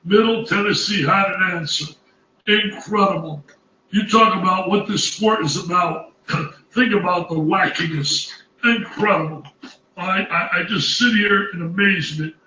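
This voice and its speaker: Excitable man ranting about a basketball upset. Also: sits high, measured pace, roomy sound, distant mic, muffled recording, a little hiss or hum. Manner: animated, exclamatory, repetitive. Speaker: basketball analyst. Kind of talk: excited sports commentary.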